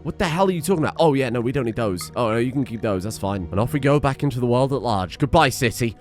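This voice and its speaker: A man hosting a let's play, narrating as he goes with excitable, jokey asides and frequent swearing, his voice strained from shouting. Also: mid-range voice, quick pace, faint music behind. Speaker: gaming channel host.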